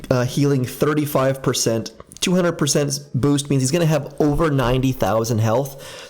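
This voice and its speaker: A man's voice: mid-range voice, a little mellow. A man hosting a casual live stream, chatting upbeat and thinking aloud while he plays. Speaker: game streamer.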